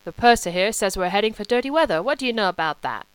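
A slow, self-satisfied film-company man who drawls and repeats himself, put on by a woman narrating a novel. His lines come out loud and unhurried. The recording stays close and dry. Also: mid-range voice, lively intonation, smooth, no echo, lightly acted. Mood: drawling. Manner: drawling and repetitive.

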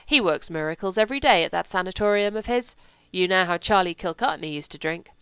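A woman's voice: lowish voice, lively intonation, a little fast, a bit bright, smooth, no echo. A woman voicing a cheerful, hectoring, self-assured man.

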